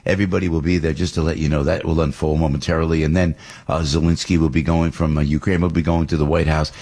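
A man hosting a talk show, running quickly through the day's news and teasing his co-host. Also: extremely low pitch, little pitch movement, gravelly, darkish tone. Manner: quick, loose rundown full of fillers, teasing his co-host.

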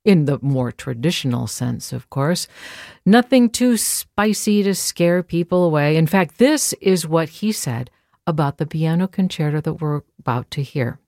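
A woman's voice: sits low, lively intonation, unhurried, darkish tone, no echo. A woman hosting a classical music radio show from a studio, chatting playfully and introducing the next piece. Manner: playful, chatty, laughs at own lines. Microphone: studio microphone.

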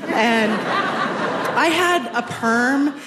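A woman's voice: high voice, expressive, extremely slow, very noisy. A woman in her forties telling a personal story on stage with wry, self-deprecating humor. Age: 40s.

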